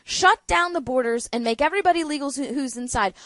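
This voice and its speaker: A woman's voice: high voice, fast talker, fairly bright tone, no echo. A woman hosting a political talk show, giving opinionated commentary with sarcasm, rhetorical questions and emphatic outbursts. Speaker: radio talk show host.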